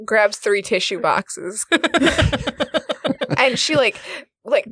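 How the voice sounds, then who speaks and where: A woman's voice: mid-range voice, animated, slow pace, a bit bright, husky, no echo. A woman playing a tabletop role-playing game, describing her character in a playful, giggly way. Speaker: player.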